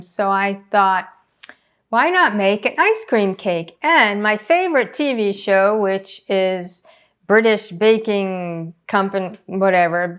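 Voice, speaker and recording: A woman's voice: mid-range voice, clean tone. A woman hosting a casual home cooking demonstration, chatting and explaining each step as she works. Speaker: cooking channel host.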